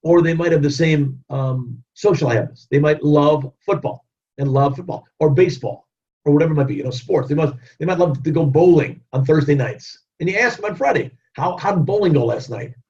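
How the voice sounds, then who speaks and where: A fairly high-voiced man delivers a motivational leadership webinar with lively energy. He runs through long repeated lists and acts out little quotes. The audio is dull and lo-fi. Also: a little fast. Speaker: keynote speaker.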